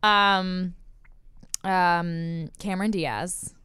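A woman's voice: lowish voice, steady tone, extremely slow, pushed and bright, smooth, dry recording. A woman hosting a podcast in casual chat, bubbly and laughing often between words, recorded in a studio. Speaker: podcast host.

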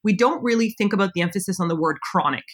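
A woman in her thirties co-hosting a casual chat, talking about her own life and acting out what people say. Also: mid-range voice. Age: 30s. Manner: quick, chatty, acts out quoted thoughts.

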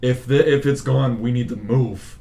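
A man's voice: medium pitch, steady tone, moderate pace, gravelly, dark tone. A man playing a healer character in a tabletop game who jokes and rambles loosely while describing his actions. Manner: joking, rambling. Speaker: player.

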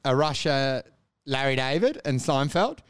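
A man's voice: medium pitch, lively intonation, measured pace, clean tone. A young man chatting casually as a podcast co-host, jokey and sweary, slipping into put-on voices. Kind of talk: casual chat.

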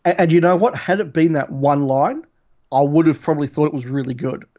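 A man co-hosting a podcast, giving a measured, thoughtful opinion of an episode. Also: on the high side, dark tone. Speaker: podcast co-host. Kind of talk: casual review chat. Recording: dull lo-fi audio.

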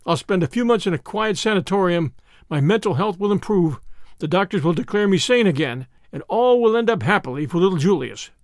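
A man's voice: high voice, lively intonation, a little fast, no room sound, studio quality. A man voicing a brash young American man with an American accent in an audiobook, drawling and cheerfully menacing. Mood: cocky. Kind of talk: audiobook character voice.

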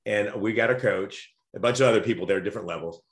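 A man telling a lively personal story in a casual chat, often restarting his sentences. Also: fairly low pitch, fast talker. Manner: animated storyteller, frequent restarts. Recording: roomy echo.

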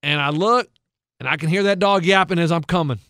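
A young adult man, a coach, casually telling an animated story and acting out the people in it. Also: on the high side, a little fast. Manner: animated, acts out shouted quotes.

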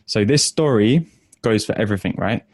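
A man, an author and coach, telling stories and answering viewers in a casual livestream Q&A, chatty and quick, with lots of fillers. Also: lowish voice, lively intonation, no room sound, clean studio sound.

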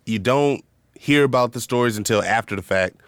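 A relaxed man chatting casually on a podcast, laughing easily and working his thoughts out aloud. His voice sits at an ordinary middle pitch. The recording is dry and close-miked. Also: brisk, clear, resonant tone, no room sound. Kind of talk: casual chat.

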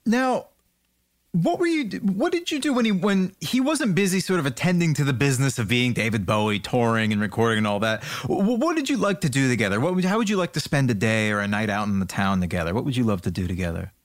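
A man's voice: medium pitch, animated, fast, dry recording, studio quality. A man interviewing a guest, asking eager, enthusiastic questions. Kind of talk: conversational interview.

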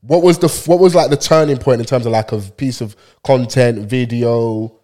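A man's voice: mid-range voice, normal speed, mellow. A man hosting a podcast, bantering and joking as he asks his guest questions. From United Kingdom. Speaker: podcast host. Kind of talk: casual podcast chat.

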